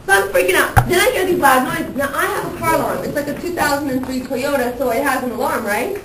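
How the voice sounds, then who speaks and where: A woman's voice: high voice, rapid-fire, hardly any pauses. A young woman teacher telling her class a long, worked-up story about her weekend, acting out her own reactions as she goes. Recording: echoey classroom from far off, noisy.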